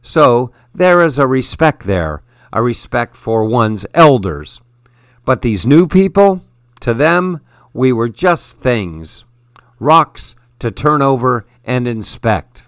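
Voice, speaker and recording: A man's voice: medium pitch, sing-song, takes it slowly, dry recording, clean studio sound. A man voicing a wise elder woman who is weary and stern, speaking firmly and earnestly. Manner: firm and earnest.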